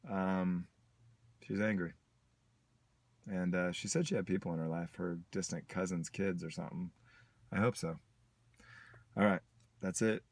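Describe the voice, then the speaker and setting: A man with a low, deep voice speaks in a personal video diary. His delivery is reflective and halting, broken up by pauses. The sound is dry and close, with no room around it. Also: steady tone, no echo. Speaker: vlogger.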